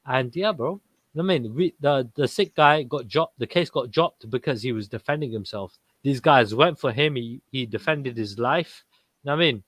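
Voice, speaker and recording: A man's voice: medium pitch, moderate pace, a bit bright, no echo. A British man hosting a casual livestream panel, talking in street slang with lots of swearing and "you know what I mean".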